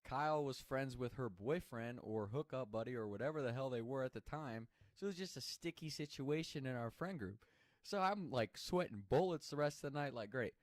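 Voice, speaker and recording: A man's voice: mid-range voice, fairly quick, dry recording. A man telling a personal story in a casual, chatty way, swearing freely and laughing as he goes.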